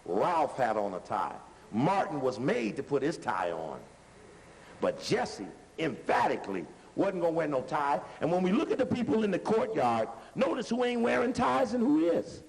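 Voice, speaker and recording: A man giving a lecture while commenting on video playback, animated and conversational, using street-talk grammar. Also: fairly high pitch, moderate pace, creaky. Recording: reverberant hall with faint noise.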